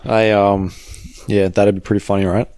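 A man's voice: lowish voice, level tone, normal speed, a little mellow, smooth, no echo. A man co-hosting a podcast, teasing and joking in casual chat. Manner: teasing, jokey. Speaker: podcast co-host.

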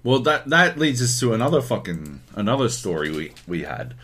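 A lively, sing-song Australian man co-hosting a casual chat podcast. He recounts a gaming story with loose, rambling energy and plenty of swearing, voicing other people's lines as he goes. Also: lowish voice, moderate pace, husky. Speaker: podcast co-host.

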